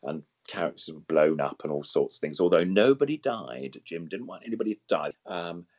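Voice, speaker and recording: A man's voice: sits low, animated, a little fast, darkish tone, breathy edge. An older man, a guest puppeteer, reminiscing in an interview, enthusiastic and full of superlatives, wandering off on side paths and back. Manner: digressive, loses then regains the thread. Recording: dull lo-fi sound.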